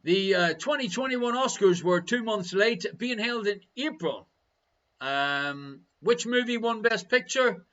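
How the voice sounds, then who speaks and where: A man's voice: high-pitched, unhurried, pushed and bright, soft background music. A man hosting a live online quiz, chatty and teasing as he reads out questions and answers. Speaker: quiz host.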